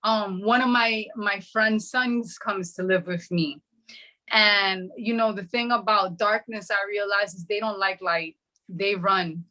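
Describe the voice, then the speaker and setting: A middle-aged woman sharing her personal testimony in an interview, telling her story with animated energy and acting out what people said. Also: mid-range voice, measured pace. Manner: animated, acts out quoted dialogue.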